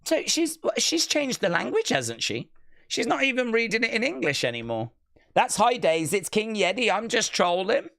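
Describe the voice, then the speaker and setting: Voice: medium pitch, very animated, moderate pace, creaky, a bit bright. A live stream host chatting casually during a watch-along, playfully reading out viewer comments. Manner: chatty, playful, reads chat comments aloud.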